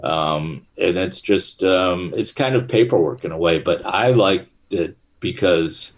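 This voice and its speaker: Here a middle-aged man, an actor guesting on a casual interview, talks unhurriedly in a deep voice. He wanders through his stories, often restarting and using lots of fillers.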